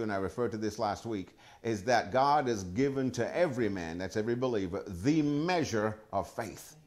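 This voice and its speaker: This is a man preaching a sermon, his voice sitting at an ordinary middle pitch. He speaks emphatically, repeats himself for effect, and punctuates his teaching with praise and calls to the congregation. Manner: emphatic, repetitive, animated preaching with Scripture references. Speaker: pastor.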